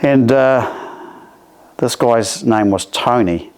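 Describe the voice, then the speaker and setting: A man's voice: medium pitch, slow, clear, resonant tone. A man with a New Zealand accent telling a story from his life in a conversational way, acting out the dialogue. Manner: animated, acts out dialogue with raised voices.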